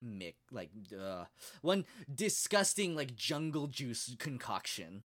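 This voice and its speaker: A woman in casual chat, retelling an anime episode in a lively, mocking way and acting out bits in silly voices. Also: very deep voice, slow pace, no echo, studio quality. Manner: animated retelling, acts out scenes in silly voices. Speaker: podcast co-host reviewing anime.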